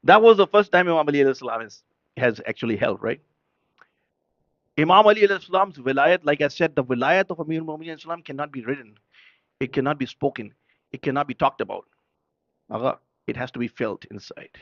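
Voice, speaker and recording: A man's voice: fairly high pitch, animated, quick pace, pauses often, dry recording, lo-fi sound. A man preaching an impassioned sermon at a mourning gathering. He fires off rhetorical questions and switches between English and Urdu.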